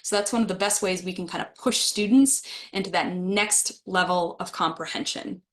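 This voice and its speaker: This woman has a fairly low pitch and a moderate pace as she hosts a webinar for teachers of adults. Her tone is relaxed and warm; she responds to the chat, reads out comments, and laughs with her audience.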